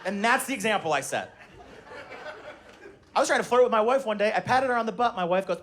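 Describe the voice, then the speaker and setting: A man in his thirties performs a stand-up set on a live stage, speaking into a handheld mic. His voice sits a little high for a man and swings widely in pitch as he tells stories. He slips into the voices of his kids and others along the way. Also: lively intonation, quick pace, a bit bright. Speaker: stand-up comedian. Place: live comedy venue with audience.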